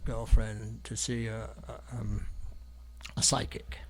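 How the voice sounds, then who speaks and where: This London man, an artist being interviewed, shares stories hesitantly and ramblingly, full of ums and restarts. He speaks slowly in a fairly low voice with little pitch movement, and a little hiss or hum is audible.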